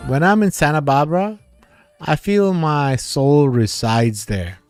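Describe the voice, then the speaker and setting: A man hosts a casual livestream, reading his viewers' comments aloud and chatting back at a slow, unhurried pace. He laughs often. His voice is close and dry, with faint music playing underneath. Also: fairly high pitch, clean tone, no echo. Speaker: livestream host reading chat. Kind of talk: casual live chat with viewers.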